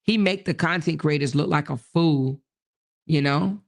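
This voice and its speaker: A woman speaks a little slowly in a low, gravelly voice as she hosts a casual livestream. She answers the viewer comments she reads aloud with blunt profanity, laughing often and losing her train of thought.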